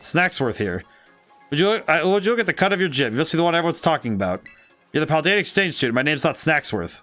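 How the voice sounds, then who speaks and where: A chatty old man with homespun sayings who hands out snacks, read aloud by a man with a dry throat. His voice sits a touch high and cracks now and then. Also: sing-song, fast talker, bright, forceful tone, faint music behind. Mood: folksy.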